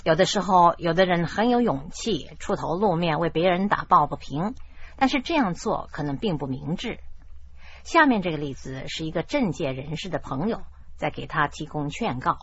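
A woman hosting a radio language lesson who explains idioms in a measured, explanatory way. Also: low-pitched, animated, slight background noise. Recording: dull lo-fi radio broadcast.

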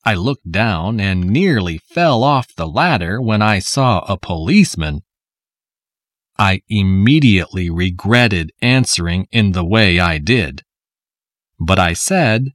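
A man narrating a story for a recorded English lesson, with clear and careful storytelling delivery. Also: low-pitched, animated, measured pace, dry recording, clean studio sound.

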